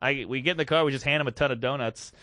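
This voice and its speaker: A man's voice: mid-range voice, rapid-fire, fairly bright tone, a little hiss or hum. A man co-hosting a podcast, telling rambling comedic road stories and acting out the people in them. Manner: rambling anecdotes with acted-out quotes. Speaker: podcast co-host. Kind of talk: casual comedic storytelling.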